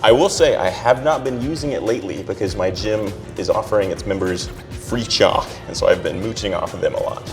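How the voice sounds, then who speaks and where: A man co-hosting a climbing video, thinking aloud in a relaxed, casual chat. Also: on the low side, a little fast, in a large hall, soft background music. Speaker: climbing channel co-host.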